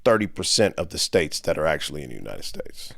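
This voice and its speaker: A man's voice: extremely low pitch, big pitch swings, fast, vocal fry, no echo, clean studio sound. A middle-aged man from the Bay Area with a Californian accent, a father co-hosting a casual podcast in slangy, laid-back talk. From San Francisco Bay Area. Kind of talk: casual chat.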